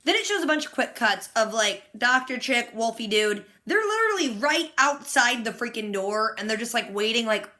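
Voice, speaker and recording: A woman giving a casual, animated recap of a TV episode in slangy, excitable storytelling. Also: on the high side, normal speed, few pauses. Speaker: TV reaction host.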